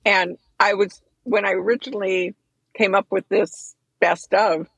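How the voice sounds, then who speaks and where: Gravelly, husky older woman. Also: mid-range voice, steady tone, normal speed, a bit bright, no room sound, poor audio. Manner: eating while talking, laughs often. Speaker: podcast co-host. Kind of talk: casual chat. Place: coffee shop.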